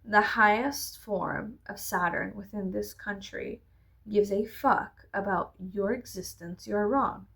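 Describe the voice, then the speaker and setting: A woman in her thirties chats through a casual story-time vlog while doing her makeup, swearing freely with sarcastic asides. Her voice has a noticeable gravelly fry at a mid pitch. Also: slow pace, fairly bright tone. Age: 30s. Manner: profane, sarcastic, rambling. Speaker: vlogger.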